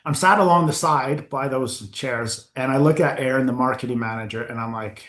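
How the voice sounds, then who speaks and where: A man giving a lively, anecdotal talk as a forum founder, laughing at his own stories and clearing his throat often. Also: medium pitch, measured pace. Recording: echoey room.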